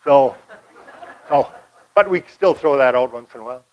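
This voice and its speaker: A man's voice: medium pitch, lively intonation, moderate pace, highs cut off. An older man from Michigan giving a casual, rambling local history talk, folksy with many fillers. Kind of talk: casual lecture.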